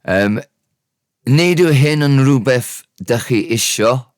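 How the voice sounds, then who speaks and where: Welsh-accented male teacher, slow and low, dry close mic, self-correcting. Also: animated, dry recording. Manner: unhurried, thinking aloud, correcting himself. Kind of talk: casual spoken language lesson.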